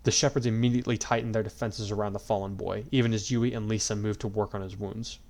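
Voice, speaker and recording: Low gravelly male storyteller. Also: flat delivery, fast, darkish tone. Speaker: narrator. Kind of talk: fan-fiction story reading.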